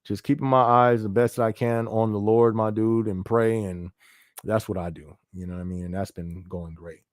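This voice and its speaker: A man's voice: on the low side, fairly even intonation, normal speed, no echo, studio quality. Laid-back man chatting on a live stream. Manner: laid-back, laughs often, frequent fillers like "you feel me". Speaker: livestream podcast host. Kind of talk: casual live-stream chat reading viewer comments.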